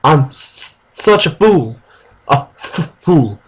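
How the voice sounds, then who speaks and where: A man's voice: extremely high pitch, sing-song, measured pace, voice pushed up, full character voice. A man voicing a shy, flustered teenage girl who stammers, read aloud from a story. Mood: tearful.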